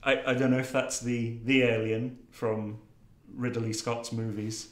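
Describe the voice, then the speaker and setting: A man's voice: medium pitch, flat delivery, measured pace. Male stream host, chatty and easygoing, roomy sound. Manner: chatty, laughs often. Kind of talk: casual chat.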